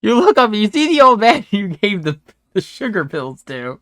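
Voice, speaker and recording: A man running a tabletop game as game master, animated and loose, with laughter and swearing. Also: high voice, normal speed, no echo, studio quality.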